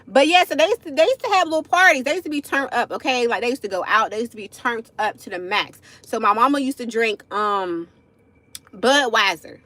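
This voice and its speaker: A woman's voice: a little high, fairly quick, bright, forceful tone. A woman, telling a casual story on a livestream, chatty, addressing viewers as y'all, with frequent asides. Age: 40s.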